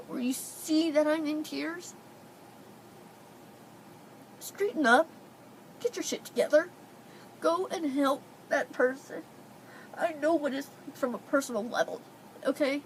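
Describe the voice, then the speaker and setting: A young woman talks into her camera at home, her high voice thick with tears and sniffles. She pleads with her viewers between breaths. A faint hum of the room sits underneath. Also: rough recording. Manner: tearful, pleading. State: crying, sniffling. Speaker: vlogger. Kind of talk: emotional personal vlog. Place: indoors at home.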